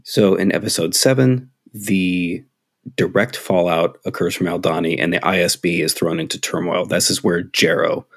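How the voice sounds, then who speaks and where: A man co-hosting a casual podcast, rambling through a recap with halting restarts. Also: low voice, fairly even intonation. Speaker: podcast co-host.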